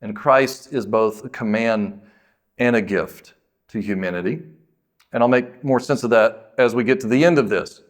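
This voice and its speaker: A man preaching a sermon as pastor, in a conversational way, asking questions and answering them himself, and slowing down to stress key words. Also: medium pitch.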